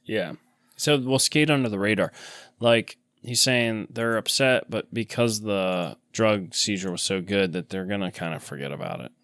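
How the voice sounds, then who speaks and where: A man's voice: on the low side, normal speed, fairly bright tone, clear, resonant tone, no room sound, clean studio sound. A man co-hosting a podcast, chatting casually and explaining movie scenes and car engine details. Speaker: podcast co-host. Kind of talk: casual chat.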